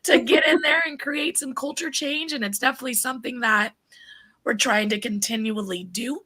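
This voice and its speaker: A woman hosting a podcast interview, chatty and quick to laugh, with plenty of fillers. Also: a little high, bright, forceful tone. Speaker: podcast host. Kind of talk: casual interview chat.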